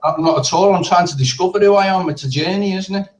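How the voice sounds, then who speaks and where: A man on an online group call speaks in an earnest, soft-spoken way. His voice sits slightly high for a man. He sounds sincere and grateful. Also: quick pace, low-quality recording.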